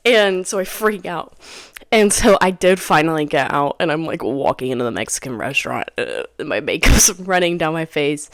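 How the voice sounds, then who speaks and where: With a fairly low, clear, resonant voice captured in clean studio sound free of any room echo, a young woman in her twenties hosts a podcast. Her storytelling is casual and theatrical: she repeats lines for effect, drops abruptly into whispers or cries, and peppers it all with "dude" and "girl."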